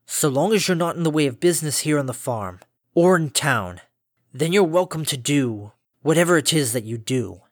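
A man's voice: a little high, lively intonation, normal speed, no room sound, studio quality. A man voicing a stern old male pony farmer in a storybook reading, speaking with a scratchy, lethargic drone and formal curtness. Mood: droning. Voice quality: scratchy, droning.

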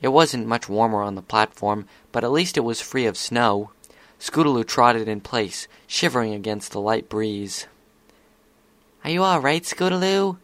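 Guy narrating a story chapter, calm steady reading, dead dry room. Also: lowish voice, moderate pace, no room sound. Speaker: reader.

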